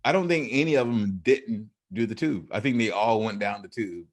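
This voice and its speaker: A man's voice: lowish voice, expressive, normal speed. A man with a Southern US accent co-hosting a podcast in casual chat, rambling with frequent restarts and easy laughter. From American South. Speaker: podcast co-host.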